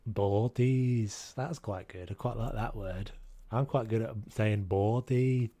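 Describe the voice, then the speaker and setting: A man's voice: lowish voice, a little slow, warm tone. A man with a Scottish accent, chatting casually and joking at himself while live-streaming a game. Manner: joking, self-mocking, swears mildly.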